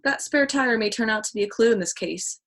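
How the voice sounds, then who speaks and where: A woman reads a clever teenage boy detective from a storybook. He talks in a steady, soothing way and reasons things out. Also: a little high, fairly quick. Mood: calm. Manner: steady and reassuring.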